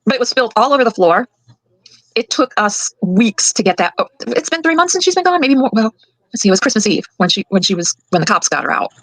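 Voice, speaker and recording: An older woman and grandmother giving her side of a family conflict, fast and indignant, getting worked up as she talks. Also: fairly high pitch, big pitch swings, dry recording, poor audio. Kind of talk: emotional recorded account.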